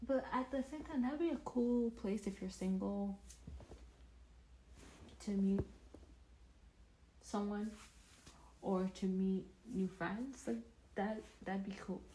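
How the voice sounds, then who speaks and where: A young woman casually telling a storytime vlog, rambling with restarts and sudden animated bursts of loudness. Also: mid-range voice, slow, pauses often, slight background noise, poor audio. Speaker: vlogger.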